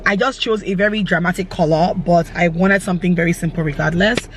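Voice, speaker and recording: A woman with a Nigerian English accent vlogging to her phone camera from her car, chatty and excited, full of quick asides. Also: fairly low pitch, slight background noise, rough recording. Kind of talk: casual vlog talk to camera. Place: in her car, then a fashion store. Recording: background music under voice.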